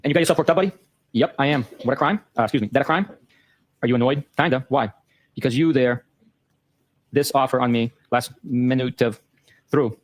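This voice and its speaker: A man hosting a show, reading a long exchange of text messages aloud in a brisk, matter-of-fact way. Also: mid-range voice, no room sound. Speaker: host.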